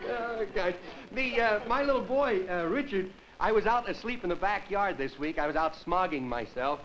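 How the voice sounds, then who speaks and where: A man's voice: high voice, lively intonation, moderate pace, some chatter behind, a little hiss or hum. A comedian hosting a variety show, rambling through folksy family stories and chuckling at his own jokes. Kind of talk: stand-up comedy monologue. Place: TV studio stage before a live audience. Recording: dull early 1950s TV broadcast with loud audience laughter.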